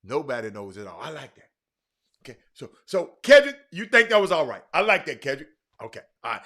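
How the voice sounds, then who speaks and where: Sports talk host, middle-aged man, bright lively voice, loud and excitable, Southern vernacular. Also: a little high, a little fast. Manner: loud, excitable, calls out viewers by name; Southern vernacular, y'all and ain't. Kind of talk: casual livestream chat reading comments.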